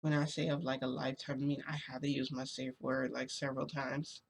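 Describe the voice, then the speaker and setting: A woman's voice: very deep voice, little pitch movement, fairly quick, gravelly. A woman telling a story to her viewers in a rambling, chatty way, giggling often, her voice cracking from screaming. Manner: rambling, full of fillers and giggles. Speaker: vlogger. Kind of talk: casual storytime chat.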